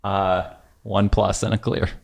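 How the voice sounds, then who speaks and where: A woman's voice: rumbling low, level tone, a little slow, vocal fry, darkish tone. A woman playing a tabletop game, giving upbeat, short replies. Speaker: player. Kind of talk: playful tabletop game play.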